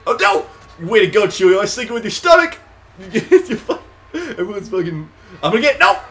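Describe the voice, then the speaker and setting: A young man giving casual, excitable gameplay commentary with friends, swearing, laughing and breaking into loud outbursts. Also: high voice, fairly quick. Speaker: gaming commentator.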